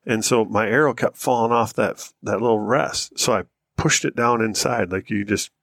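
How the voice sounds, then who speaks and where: Low american man, laid-back rambling chat, dry studio sound. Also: moderate pace, vocal fry, no echo. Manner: relaxed, rambling, laughs while telling. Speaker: podcast co-host. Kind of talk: casual storytelling chat.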